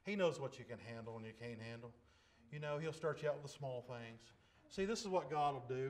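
A man telling his conversion story in church as a lay preacher, folksy and plain, dropping to a hush and then bursting out loud. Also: mid-range voice, slight background noise. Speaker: lay preacher giving testimony. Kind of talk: testimony sermon. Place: church service.

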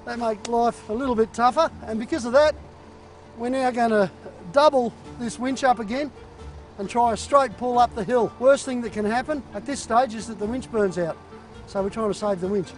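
High-voiced man explaining outdoors. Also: normal speed, recorded from a distance, soft background music. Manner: practical, upbeat, explaining the plan as he works. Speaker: off-road show host. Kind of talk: on-location recovery commentary. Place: outdoors on a muddy mountain track.

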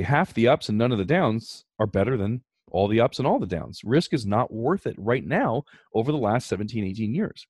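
A man's voice: on the low side, a little mellow, no echo. Guy hosting a podcast, emphatic, talks through the math, dry close sound. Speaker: podcast host. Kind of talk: casual explanatory chat.

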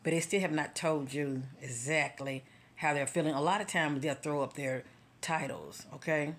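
Woman w a deep voice doing a spiritual pep talk vlog, kinda preachy, real direct, keeps asking okay? you know?. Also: fairly even intonation, normal speed. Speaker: spiritual vlogger. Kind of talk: casual spiritual encouragement talk.

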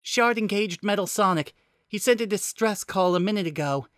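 A man voicing a worried female AI agent in a pitched-up falsetto-like voice, urgent and nervous. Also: a little slow, a bit bright, no echo, clean studio sound.

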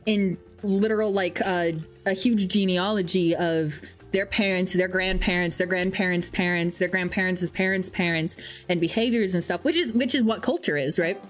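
A woman's voice: on the low side, moderate pace, few pauses, soft background music. A woman streamer chatting casually on a livestream, rambling and teasing playfully.

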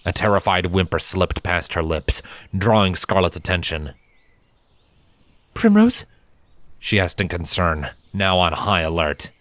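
Deep male storybook narrator. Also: moderate pace, no room sound. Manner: steady storytelling, dramatic at tense moments. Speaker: fanfiction reader. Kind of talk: audiobook narration. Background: background music.

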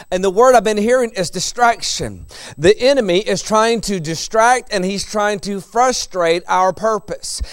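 A man's voice: sits high, clear, resonant tone, no echo, clean studio sound. A middle-aged man preaching a sermon in a conversational way, chuckling between his points.

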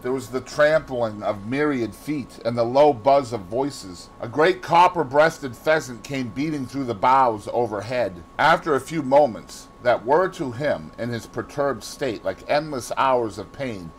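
A male narrator reads a classic novel aloud with expressive, measured storytelling. His mid-pitched voice moves with lively ups and downs, and faint ambient hiss sits underneath. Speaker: audiobook narrator. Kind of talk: audiobook narration.

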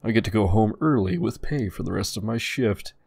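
Deadpan man narrating crude stories. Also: fairly low pitch, brisk, creaky, husky, dry recording, clean studio sound. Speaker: storyteller. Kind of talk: reading greentext stories aloud.

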